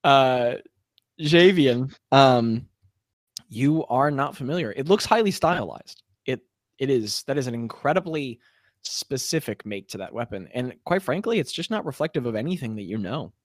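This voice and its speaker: Man, game master, tabletop game, animated pitch, hesitant ums, dry close sound. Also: normal speed, no room sound. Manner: hesitant, full of ums, drifting between loud and quiet. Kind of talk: running a tabletop game online.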